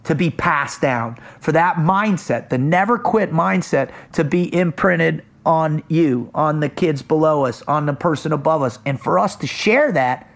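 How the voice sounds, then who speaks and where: Male podcast co-host, fairly high pitch, emphatic and energetic, stumbles into quick restarts. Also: vocal fry. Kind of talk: casual storytelling chat.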